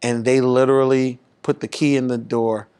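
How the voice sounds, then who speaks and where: A pastor talking in an animated, preaching-style way, rising in pitch and volume to drive his points home. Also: normal speed, slight background noise. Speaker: pastor and guest speaker.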